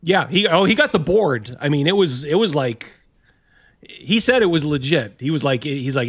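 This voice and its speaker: A middle-aged man with a fairly high voice tells stories on a casual hosted chat. He talks animatedly and acts out the voices of the people in his tales. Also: animated, moderate pace. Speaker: host.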